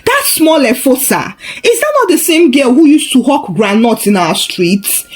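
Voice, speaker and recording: A woman's voice: high-pitched, big pitch swings, moderate pace. A woman doing a blunt Nigerian auntie speaking pidgin. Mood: incredulous.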